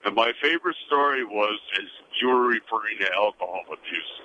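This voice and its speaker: A man from Chicago calling into a radio show, talking in a warm, rambling way with many hesitations over a phone line. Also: lowish voice, lively intonation, fairly quick, a little hiss or hum. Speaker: caller. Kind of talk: phone-in call.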